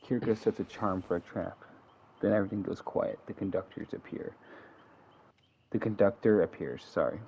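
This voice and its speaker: Gravelly low man narrating a game. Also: normal speed, dark tone. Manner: reads dramatically, laughs and corrects own slips. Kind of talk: casual read-aloud narration. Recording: dull lo-fi sound with faint hiss.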